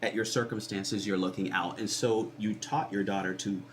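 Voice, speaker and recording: A man in a casual group conversation, an animated storyteller who acts out other people's lines. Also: normal speed, slight background noise. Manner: animated storyteller, jumps high when acting out others.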